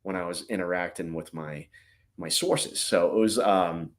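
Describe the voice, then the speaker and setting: A man's voice: low voice, normal speed. Rambling man full of "right?". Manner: rambling, filler-heavy, keeps adding "right?". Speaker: guest, former intelligence officer. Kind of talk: casual interview chat.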